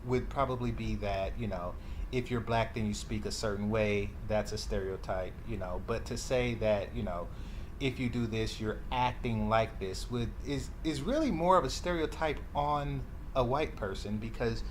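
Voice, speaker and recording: A man's voice: lowish voice, normal speed, slight background noise. A man hosting a reaction video, giving sarcastic, rambling commentary full of fillers. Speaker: commentary channel host.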